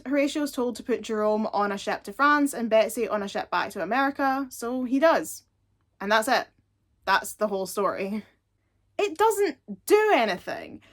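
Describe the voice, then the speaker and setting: A woman chatting casually as she reviews episodes of a TV show, animated and laughing often. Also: a little high. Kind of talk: casual chat.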